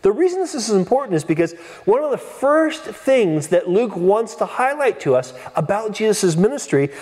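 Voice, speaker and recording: A man preaching from the pulpit, his voice sitting a little high for a man and trailing off in the long reverb of a big church hall. He talks earnestly, restarts his sentences often and drives his points home with emphatic questions. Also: darkish tone. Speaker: pastor. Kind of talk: expository sermon.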